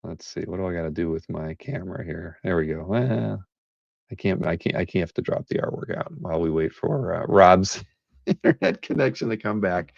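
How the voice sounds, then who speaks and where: Low gravelly male stream host, rambling chatter, dry dull lo-fi sound. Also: normal speed, darkish tone, dry recording. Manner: rambling, many restarts, laughing asides. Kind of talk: casual live-stream chat.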